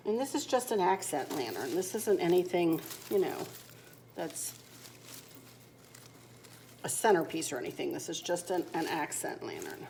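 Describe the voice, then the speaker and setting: A woman's voice: fairly low pitch, very animated, normal speed, gravelly, long pauses, darkish tone, slight background noise. Chatty woman decorating at home. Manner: chatty and homey, laughing easily. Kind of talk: casual crafting tutorial chat. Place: home kitchen.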